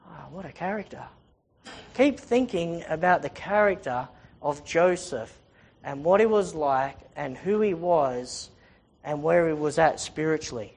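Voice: medium pitch, a little slow, darkish tone. A preacher giving a sermon, reading scripture aloud and retelling it in casual everyday words, stressing points by repeating phrases.

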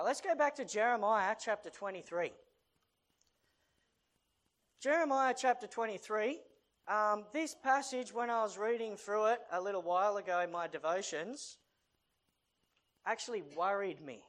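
A preacher giving a casual, joking sermon and reading from the Bible, chatty and playful with the audience. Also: medium pitch. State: short of breath.

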